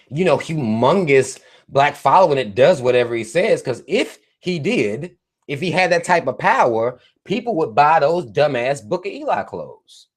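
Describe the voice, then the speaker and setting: Animated, cursing man ranting on a livestream. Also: mid-range voice. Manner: animated, profane, mocking, emphatic. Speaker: livestream host. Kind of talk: profane live-stream rant.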